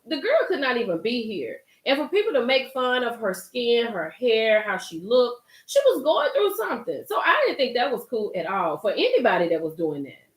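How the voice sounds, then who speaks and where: A woman's voice: a little high, echoey room. Hyped woman talking to live viewers. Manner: animated, gets hyped and loud, talks to chat by name. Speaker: livestream host recapping a reality show. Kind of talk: casual chat to live viewers.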